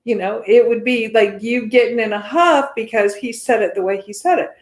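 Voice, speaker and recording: A woman's voice: a little high, moderate pace, roomy sound. A woman from the United States teaching meditation in a casual, chatty way, often checking in with "right?".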